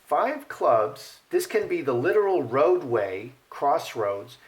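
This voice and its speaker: A man hosting his own channel, giving emphatic, opinionated commentary and then reading playing cards in a relaxed, musing way. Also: a little high, slow. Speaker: card reader and channel host. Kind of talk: casual commentary and card reading.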